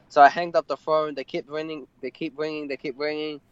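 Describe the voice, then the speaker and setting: A young man, an MMA fighter, telling a personal story in an interview, halting and full of fillers. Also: a little high, level tone, clean tone, dry recording, highs cut off. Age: young adult. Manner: halting, many fillers and restarts.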